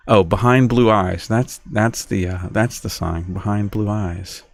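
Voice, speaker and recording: A man's voice: fairly low pitch, steady tone, measured pace, creaky, hardly any pauses, no room sound. A middle-aged man rambling through a solo podcast monologue, often stopping and restarting, sounding aggrieved. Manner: rambling, self-interrupting, aggrieved. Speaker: podcast host.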